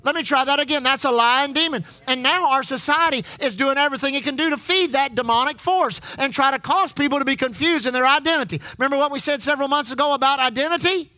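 Very high, bright-voiced preaching man. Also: fast talker, hardly any pauses, dry recording. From Texas. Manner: preaching with call-and-response amens, repeats lines for emphasis. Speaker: pastor. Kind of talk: sermon.

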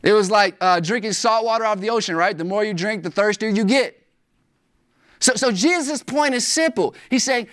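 A pastor preaching a sermon emphatically, repeating key phrases and filling pauses with "uh", with big swings in pitch and loudness for emphasis. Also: clean tone.

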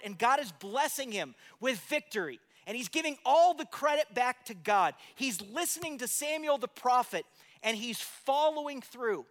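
A man with a strikingly high voice preaches a sermon. He retells the story in a relaxed, conversational way and keeps asking his listeners rhetorical questions. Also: long reverb tail. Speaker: pastor.

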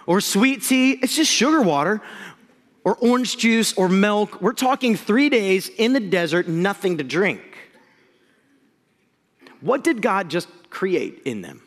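Animated high-voiced preacher man. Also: unhurried, big-room sound. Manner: energetic, jokey, swings from loud excitement to hushed. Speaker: pastor. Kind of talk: sermon.

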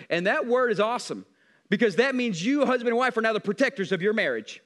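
Man, pastor, very high voice, passionate emphatic preaching. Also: expressive, fast talker, a bit bright. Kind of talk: sermon.

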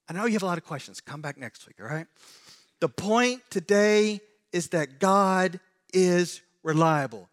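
A man in his forties preaching with fervor, his voice sitting a little higher than most men's. He climbs to loud, insistent pleading, then drops to a hushed, earnest tone. It sounds like a pastor working through a sermon. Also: animated, unhurried. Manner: impassioned, swings from loud pleading to quiet earnest.

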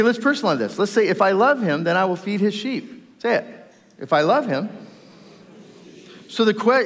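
A middle-aged man preaching a sermon, animated, acting out quoted voices and speaking straight to the congregation. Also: high-pitched. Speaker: pastor. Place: large church hall with reverb. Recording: live sermon in reverberant hall.

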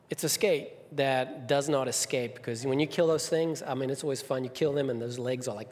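A middle-aged man preaching a sermon, telling personal stories in an animated way and acting out voices. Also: fairly high pitch. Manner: animated storyteller, acts out voices. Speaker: pastor. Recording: long reverb of a church hall.

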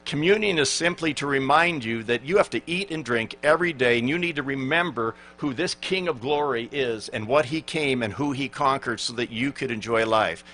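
Man in his sixties, pastor, emphatic sermon, bright forceful tone, middle pitch. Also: normal speed, few pauses. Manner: earnest, emphatic preaching with quoted scripture.

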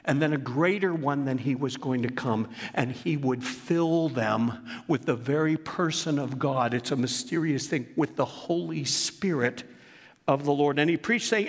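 A man's voice: a little high, a little slow, long reverb tail. A male pastor delivering a sermon in an earnest, emphatic way, mixing scripture with personal stories. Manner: earnest, emphatic preaching with storytelling asides.

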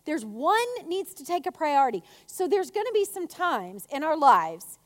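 A woman giving a chatty, animated faith talk to a women's gathering, telling stories with acted asides. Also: high-pitched, moderate pace. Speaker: speaker at a women's church gathering. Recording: long hall reverb.

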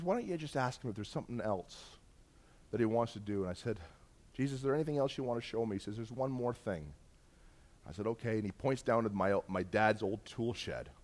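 A middle-aged man from Canada, telling a personal testimony as a story and acting out the dialogue with jumps in pitch and loudness. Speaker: speaker sharing a personal testimony.

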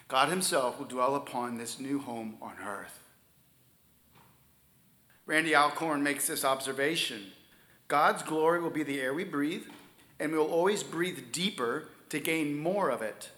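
A man preaching a sermon, stressing key words loudly and then dropping to near-whispers. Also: a little high, a little slow, echoey room. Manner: emphatic preaching, swings from loud stresses to soft near-whispers. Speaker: pastor.

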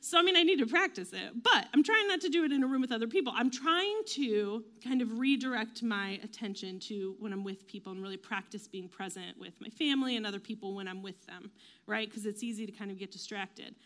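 A woman giving a casual faith talk, chatty and self-deprecating, with lots of fillers and quick acted-out quotes. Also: on the high side, a bit bright. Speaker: devotional speaker.

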